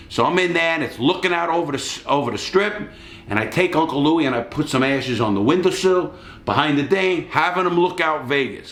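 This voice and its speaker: A man's voice: a little high, fairly bright tone. Rambling, cursing middle-aged man in an echoey room. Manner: rambling, swears freely. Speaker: storyteller. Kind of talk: profane casual storytelling. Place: hotel suite.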